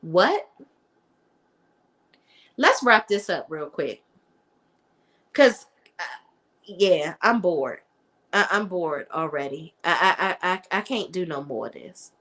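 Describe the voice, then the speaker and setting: A young adult woman giving a casual, opinionated TV review in an animated, sassy manner, talking straight to her viewers. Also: on the low side, takes it slowly, long pauses. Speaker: TV show reviewer.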